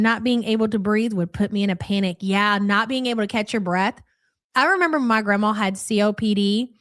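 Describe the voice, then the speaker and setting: A woman's voice: medium pitch, no room sound, clean studio sound. A woman doing casual live-stream commentary, blunt and mocking, swearing freely as she reads chat.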